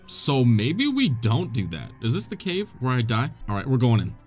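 Excitable young man doing game commentary. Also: medium pitch, normal speed, faint music behind. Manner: excitable, joking, swears casually. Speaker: gaming YouTuber. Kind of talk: let's play commentary.

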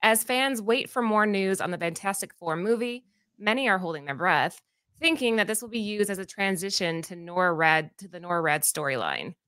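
A woman's voice: mid-range voice, expressive, moderate pace, fairly bright tone, no echo, studio quality. A woman co-hosting a comic-book podcast, reading a prepared segment from notes and tripping over names. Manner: reads steadily from notes, stumbles on names. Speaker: podcast co-host.

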